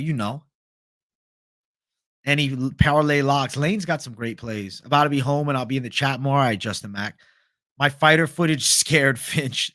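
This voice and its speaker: A young adult man hosts a live stream, reading viewer comments in a laid-back, chatty, and profane way. His voice is medium-pitched and fairly bright, captured as clean studio sound with no room echo.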